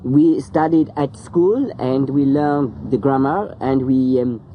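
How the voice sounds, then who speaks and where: A man's voice: medium pitch, takes it slowly, phone-quality sound, slight background noise. Hesitant man with a strong French accent. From France. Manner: hesitant, careful, self-correcting. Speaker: language learner interviewee.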